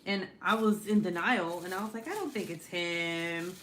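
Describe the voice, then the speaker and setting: A woman's voice: fairly low pitch, moderate pace, a bit bright, slight background noise. A woman in her thirties hosting a crafting livestream, chatting casually and telling rambling stories full of swearing. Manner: profane, rambling storyteller. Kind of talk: casual chat while crafting.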